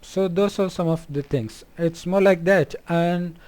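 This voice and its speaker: A man speaking as a spiritual healer, explaining and demonstrating in a halting way full of ums and uhs. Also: high-pitched, a little hiss or hum. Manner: halting, with frequent um and uh; softly spoken.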